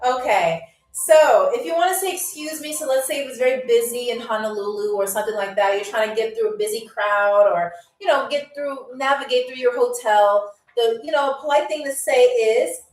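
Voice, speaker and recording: A woman hosting a live game show stream, chatty and playful, laughing often and sounding out foreign words slowly as she reads out viewers' messages. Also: a little high, distant mic. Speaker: livestream game show host. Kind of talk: casual livestream hosting, reading out chat. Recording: echoey room, voice set back from the mic, faint music.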